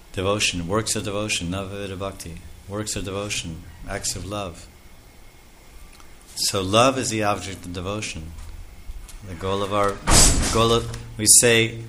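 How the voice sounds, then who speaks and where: A man's voice: on the low side, fairly bright tone, a little hiss or hum. A man preaching a devotional sermon in an explanatory way, with many Sanskrit terms and lists of steps.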